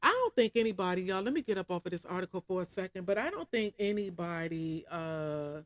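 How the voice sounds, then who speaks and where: A woman's voice: fairly low pitch, animated, brisk, no room sound. A woman commentating on camera, reading out an article and breaking off often to talk to her viewers. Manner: keeps calling the audience y'all. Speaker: video commentator reading a news article aloud. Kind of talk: casual reaction commentary.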